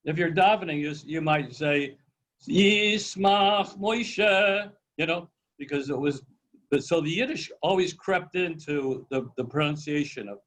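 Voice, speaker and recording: A man's voice: a little high, normal speed, rough recording. A man, a cantor, explaining and correcting points in a casual group discussion over a video call, speaking with some authority.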